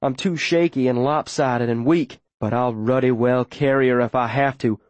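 A man narrates a first-person story in an urgent, breathless, tense way. His voice sits at a middle pitch. The recording is close and dry, with no room sound. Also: fairly even intonation, moderate pace, a little mellow, no room sound. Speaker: audiobook narrator.

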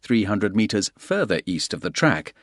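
In this scripted narration, a male audiobook narrator delivers an action thriller in a low voice, keeping his pace brisk and even. The sound is close and dry, free of any room tone.

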